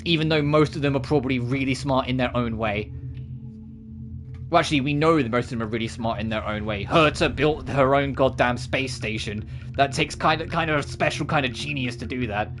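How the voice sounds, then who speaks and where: A man's voice: mid-range voice, fairly quick, a bit bright, soft background music. A man streaming games, chatting casually at the end of a session and wandering off on tangents. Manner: rambling, full of self-corrections and asides.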